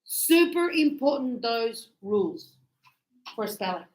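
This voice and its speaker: A woman teaching an English spelling lesson, slowly repeating words and stressing syllables. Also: on the high side, big pitch swings, roomy sound, rough recording. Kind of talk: grammar lesson.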